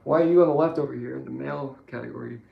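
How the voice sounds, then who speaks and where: Gravelly profane young man ranting. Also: mid-range voice, very fast, reverberant, narrow, tinny audio, a little hiss or hum. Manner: profane, rambling, frequent restarts and fillers. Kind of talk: casual rambling political rant.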